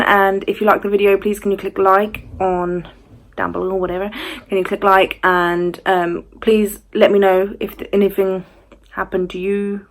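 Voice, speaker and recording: A woman's voice: mid-range voice, steady tone, moderate pace. A young woman, telling a personal story to camera in a chatty way with lots of fillers. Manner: chatty retelling with many fillers. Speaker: vlogger. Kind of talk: casual storytime.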